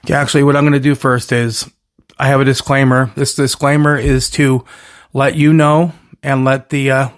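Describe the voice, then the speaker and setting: A man's voice: medium pitch, level tone, normal speed. A man hosting his own solo podcast, talking in a rambling, emphatic way with punchy catchphrases and frequent self-corrections. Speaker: podcast host.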